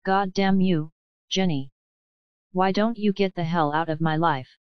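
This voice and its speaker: A woman's voice: fairly low pitch, unhurried, clean tone, dry recording, muffled recording, natural voice. A woman voicing a stubborn, angry young man. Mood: furious. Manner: cold, then enraged.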